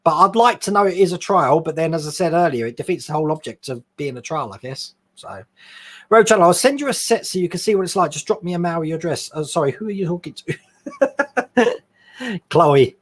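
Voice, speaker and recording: A man with a fairly high voice hosts a live stream, chatting casually about his hobby. He reads viewer questions off the screen and answers them in a loose, friendly ramble, laughing often. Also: lively intonation, fast, fairly bright tone. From England. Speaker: host of a scale modelling live stream.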